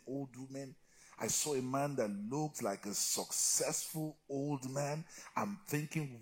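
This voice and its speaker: A middle-aged man preaching a sermon as pastor, swinging from loud shouted exhortation to low, quiet talk and calling for amens from the congregation. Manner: calls for amens and answers from the congregation.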